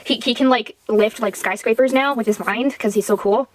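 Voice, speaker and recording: A woman's voice: on the high side, moderate pace, poor audio. A woman casually retelling a film's plot while drawing, in a rambling, irreverent way full of fillers. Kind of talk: rambling casual film recap.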